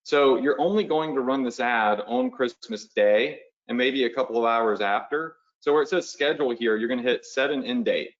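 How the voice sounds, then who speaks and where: The recording is muffled, carrying a man's medium-pitched voice at a moderate pace with few pauses. He runs a live webinar as an online business coach, sounding casual, pushy and motivational, and often checks in with those watching.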